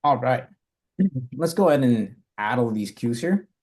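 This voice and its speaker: A man's voice: mid-range voice, animated, unhurried, darkish tone. Man talking through code step by step. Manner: talks through code step by step, self-correcting. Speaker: coding instructor. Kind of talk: live coding lesson.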